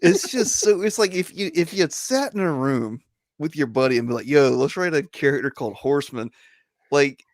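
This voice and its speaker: A man's voice: on the high side, expressive, fairly quick, no room sound, clean studio sound. A man co-hosting a casual podcast, chatty and joking. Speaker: podcast co-host. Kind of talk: casual chat.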